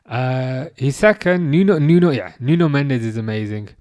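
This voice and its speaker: A man in his thirties hosting a live football watchalong, chatting casually and reading out comments, with a halting, restarting way of talking. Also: medium pitch, lively intonation, a little mellow, no echo. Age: 30s. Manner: halting, many restarts, chuckles often.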